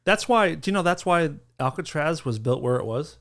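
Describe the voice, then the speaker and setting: Man co-host, loose rambling chat, dark jokes, some swearing. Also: fairly high pitch, lively intonation, moderate pace, creaky. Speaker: podcast co-host. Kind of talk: casual chat.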